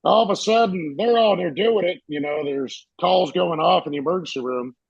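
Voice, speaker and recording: A man, a podcast co-host telling a story in a casual, animated way and acting out the voices in it. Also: high voice, normal speed, vocal fry, slightly rough, no echo, muffled recording. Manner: animated, acts out voices in his stories.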